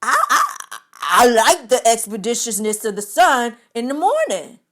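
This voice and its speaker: A self-assured man with a deep voice, as a woman storyteller puts him on. He speaks slowly and with complete confidence, as if he has no doubt at all about what he says. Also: big pitch swings, fairly bright tone, exaggerated voice. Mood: confident. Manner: slow, self-assured, unhesitating.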